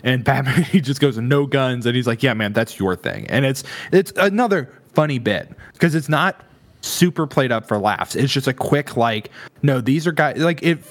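Mid-pitched man explaining a scene. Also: lively intonation, normal speed. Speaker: podcast co-host. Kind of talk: casual film discussion.

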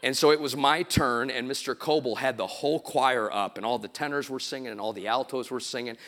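A middle-aged pastor preaches a sermon in a church sanctuary, his mid-range voice brisk and fairly bright. He tells stories, acts out sounds and quotes, and builds toward emphatic preaching.

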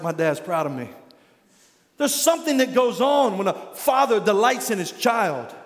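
Brief: male pastor, emphatic sermon delivery, high voice, long sanctuary reverb. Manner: emphatic, rhetorical questions, builds to intense peaks.

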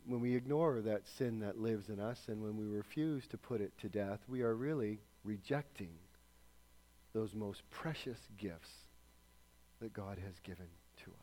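A man preaching a sermon earnestly, often dropping soft at the ends of phrases. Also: lowish voice, unhurried. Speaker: pastor.

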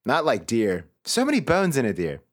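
A man's voice: medium pitch, huge pitch swings, moderate pace. A man co-hosting a comedy podcast, riffing crude jokes in casual banter.

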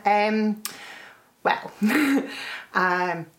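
A woman's voice: mid-range voice, drawn-out words. Giggly Scottish woman in a roomy space. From Scotland. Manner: giggly, chatty storyteller. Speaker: podcast guest. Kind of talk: casual conversation.

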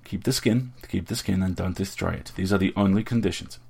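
A haughty sorceress with a brisk, sniffy, lecturing manner, as a man reads her. Her voice sits well above the narrator's deep, gravelly tone and pushes out louder when she scolds. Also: exaggerated voice. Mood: prim. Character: prim, haughty woman sorceress.

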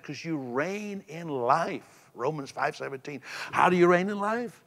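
A man pastor preaching a sermon, swinging from loud emphasis to soft, low asides. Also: big-room sound.

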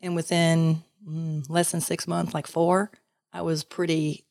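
A woman guest in a casual interview, telling her story in a lively way, acting out other voices and laughing often. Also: low-pitched, unhurried, creaky, no echo, clean studio sound.

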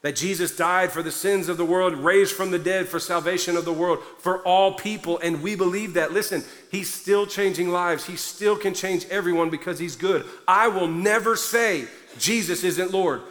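A man preaching a sermon with a high, bright, forceful voice, hammering each point with fervent emphasis. His voice rings through a large church hall with a long reverb trail. He sounds a little out of breath as he pushes on. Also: moderate pace, hardly any pauses. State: somewhat out of breath. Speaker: pastor.

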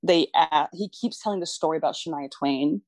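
Lively low-voiced woman chatting about films. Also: a little fast, dry recording. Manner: enthusiastic, animated, laughs often. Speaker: podcast co-host. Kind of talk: casual film discussion.

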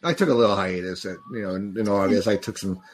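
A man with a fairly low voice talks fast as a podcast co-host during a movie watch-along. He chats casually, rambles, and laughs often as the film plays.

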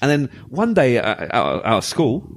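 A man's voice: medium pitch, normal speed. A man, co-hosting a podcast and telling a rambling, laugh-filled story in casual chat. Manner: rambling, animated, laughs often. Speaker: podcast co-host.

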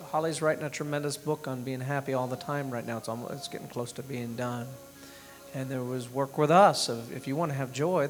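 A middle-aged male minister speaks at a dinner gathering in a fairly high voice, rambling and conversational and often restarting his sentences. He gets emotional as he moves between an informal sermon and a prayer. Soft music plays faintly behind him. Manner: emotional, tearing up. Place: dinner event room.

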